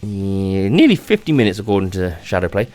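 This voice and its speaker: A tired man rants off the cuff in a lowish voice, circling back on himself with stammered restarts and frequent swearing. His talk wanders like an unplanned gaming vlog, with faint music in the background. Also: big pitch swings, darkish tone. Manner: rambling and halting, many restarts, swearing. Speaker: gaming channel host. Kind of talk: unscripted rant vlog.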